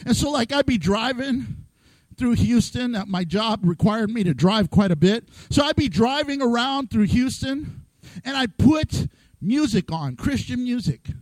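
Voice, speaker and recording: A man's voice: very high-pitched, expressive, measured pace, dry recording, rough recording. A man preaching a sermon in a playful way, acting out voices and laughing often. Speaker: pastor.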